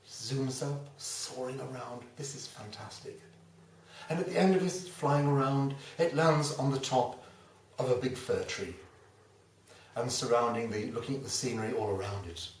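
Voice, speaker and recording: A man's voice: mid-range voice, moderate pace, slight background noise. A man, a motivational speaker telling a folksy fable with a moral. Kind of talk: storytelling talk with a moral. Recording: roomy, distant mic, faint ambience.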